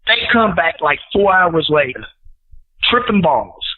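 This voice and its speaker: A man and guest rapper telling stories in casual chat, animated and acting out quotes in raised voices. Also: a little high, a little slow. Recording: tinny phone line.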